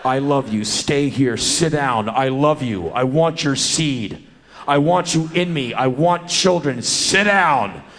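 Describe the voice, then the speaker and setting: A man's voice: fairly low pitch, lively intonation, a little slow, hardly any pauses, voice pushed down. A man voicing a grimly intense woman in love who barks demands at her man. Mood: insistent. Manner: loud, insistent, commanding.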